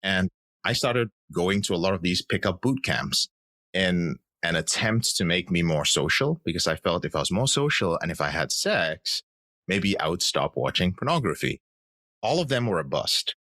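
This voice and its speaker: A man's voice: low voice, sing-song, moderate pace, bright, forceful tone, no echo. A man in his thirties, a podcast guest, telling his personal story in an earnest, reflective way. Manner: earnest, reflective, acts out quoted voices.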